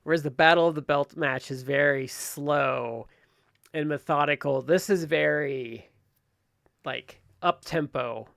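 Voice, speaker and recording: A man co-hosting a wrestling podcast, chatting casually with quick asides that trail off mid-sentence. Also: fairly high pitch, vocal fry, fairly bright tone, dry recording, studio quality. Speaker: podcast co-host. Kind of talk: casual chat.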